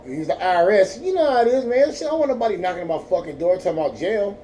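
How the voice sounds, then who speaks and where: A man's voice: high voice, sing-song, quick pace, mellow. A man from Northern California's Central Valley, stoned, telling a profane, rambling story in a laid-back vlog. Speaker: vlogger. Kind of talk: casual storytelling. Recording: distant mic, faint background noise.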